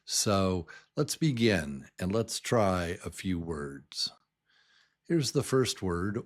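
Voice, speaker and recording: Older man teaching English, slow, swooping pitch. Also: lively intonation. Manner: repeats words many times, swooping pitch to show stress. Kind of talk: slow, deliberate pronunciation lesson.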